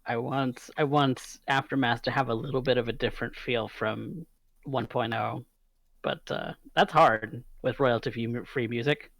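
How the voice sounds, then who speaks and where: A man's voice: medium pitch, fairly even intonation, moderate pace, vocal fry, a bit bright, no echo. Playful chatty man on a game call. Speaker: tabletop game player. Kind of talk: casual chat.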